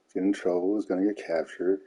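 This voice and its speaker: A man's voice: deep voice, level tone, racing, dark tone, slightly rough, highs cut off. A man giving casual, mocking commentary over game footage, laughing often.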